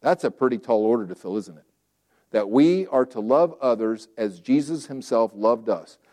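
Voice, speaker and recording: A man's voice: medium pitch, lively intonation, normal speed, warm tone. A man preaching a sermon in a conversational, folksy way, acting out quotes and repeating phrases for emphasis. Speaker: pastor.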